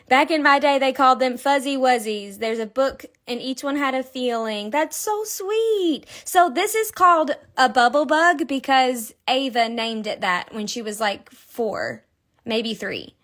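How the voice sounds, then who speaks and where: A woman with a Kentucky accent, her voice sitting a little high, chats her way through a live crochet tutorial. She is talkative and giggly and slips into stories while her hands keep working. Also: unhurried, a bit bright. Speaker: crochet instructor.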